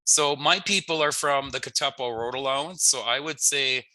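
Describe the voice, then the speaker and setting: A man with a very bright, forceful voice teaches a lesson online. He talks patiently and repeats each phrase slowly, with friendly jokes. The sound is dry and close, with no room echo. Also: mid-range voice. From Canada. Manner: friendly, jokey asides. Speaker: language teacher.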